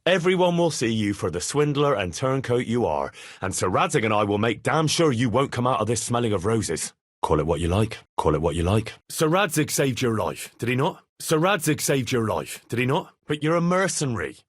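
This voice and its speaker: An actor playing an earnest, dutiful young squire in a medieval game, speaking plainly and deferentially in recorded dialogue lines. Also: male voice, medium pitch, very animated, fairly quick, breathy edge, no echo, clean studio sound. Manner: plain, sincere and deferential, with many lines read twice. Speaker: player character in a game. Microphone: close studio mic.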